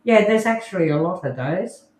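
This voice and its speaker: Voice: mid-range voice, expressive, normal speed. A tired podcast co-host in casual chat, thinking aloud and working through screen sharing. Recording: roomy room with faint noise.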